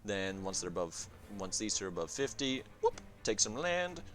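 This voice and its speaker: A man's voice: lowish voice, very animated, normal speed. A man casually reviewing a strategy game, rambling and swearing as he thinks aloud with many fillers. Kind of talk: casual gameplay commentary.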